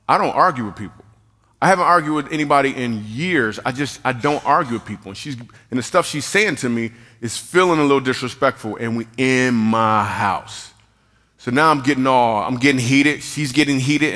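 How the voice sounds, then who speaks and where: Bright-voiced preacher man in a reverberant hall. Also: medium pitch. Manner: animated, jokey, acts out quotes. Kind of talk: humorous sermon storytelling. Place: church hall.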